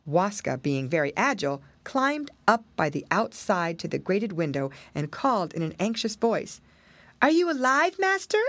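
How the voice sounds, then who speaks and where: A woman reading a fairy tale aloud in an expressive, measured storybook style. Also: on the low side, no room sound. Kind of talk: storybook narration.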